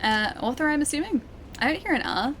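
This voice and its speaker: A chatty Australian woman plays a game on a live stream and keeps up an easy back-and-forth with her chat. Her voice sits a little high, and she laughs often between remarks. A faint hum of room sound stays in the background. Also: animated, a little fast, a bit bright. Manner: chatty, laughs often, reads viewer comments aloud. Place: living room at home.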